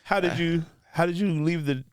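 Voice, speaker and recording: A man's voice: a little high, clean tone, dry recording. A man joining a podcast as co-host, teasing and joking in casual chat. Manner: teasing, laughs often, quick jokes.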